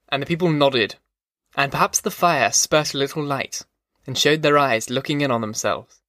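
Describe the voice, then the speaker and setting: Measured male audiobook narrator. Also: mid-range voice, fairly bright tone, dry recording, studio quality. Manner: slow, measured, rhythmic reading. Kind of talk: scripted literary narration.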